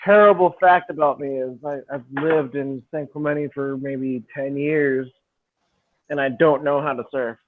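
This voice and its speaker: A man's voice: mid-range voice, steady tone, unhurried. A man in casual chat, laid-back and joking. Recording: muffled lo-fi audio.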